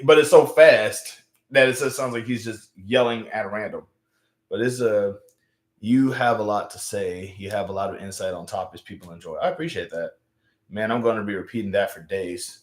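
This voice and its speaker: Young man, livestream host, casual rambling chat, restarts and fillers, lowish voice, roomy echo. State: feeling unwell. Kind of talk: casual live-stream chat.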